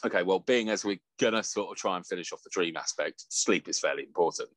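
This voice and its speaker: A man's voice: sits low, fast talker, no room sound. A man co-hosting a podcast in casual chat, sweary and giggly, rambling from one story to the next. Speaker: podcast co-host.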